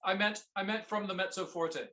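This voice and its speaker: A man coaching a viola student in a masterclass, singing phrases on nonsense syllables and asking gentle questions. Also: sits high, steady tone, brisk, roomy sound.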